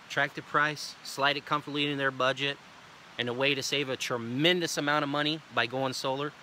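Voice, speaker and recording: A middle-aged man leads a sales training session, repeating key phrases and acting out what to say to customers. His voice is bright and forceful and sits slightly high for a man. A faint background noise sits under the recording. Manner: emphatic, repetitive coaching delivery. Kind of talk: sales training talk with role-played pitch lines.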